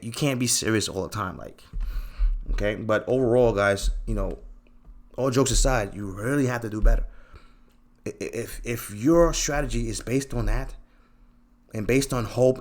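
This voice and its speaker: A man hosting a trading channel, giving casual chart commentary to his viewers in an animated, teasing, slangy way, repeating himself for emphasis. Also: mid-range voice.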